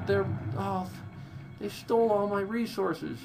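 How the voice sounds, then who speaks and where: A man giving casual gameplay commentary, talking straight to his viewers and jumping high in pitch when things go wrong. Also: moderate pace, noisy background. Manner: excitable, voice jumps high when panicking; talks directly to viewers. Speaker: let's play commentator.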